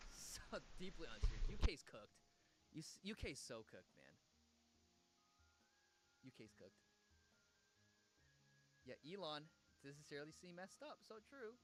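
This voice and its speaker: High, lively young male streamer. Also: measured pace, long pauses. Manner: mocking, slangy, animated. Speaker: livestream host. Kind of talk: live reaction commentary.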